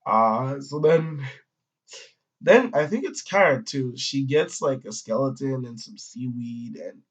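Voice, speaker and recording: A man with a mid-range, expressive voice takes his time as he rambles casually through a review of a comic chapter, full of slang, swearing and filler words. He's a manga reviewer, captured in an audio-only recording with dull, lo-fi sound.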